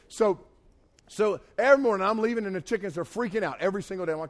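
Guy preaching, middle-aged, kinda high voice, folksy and animated, cracking jokes. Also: quick pace. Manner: folksy, animated, jokey asides. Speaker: pastor. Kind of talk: sermon with storytelling.

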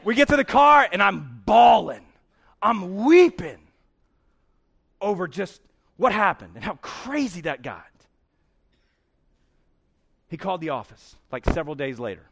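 A middle-aged male preacher with a high, gravelly voice delivers a sermon. He tells his story with lively acted-out moments and bursts of shouting. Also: a little slow, long pauses. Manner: animated storytelling, acting out scenes with shouts. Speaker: pastor.

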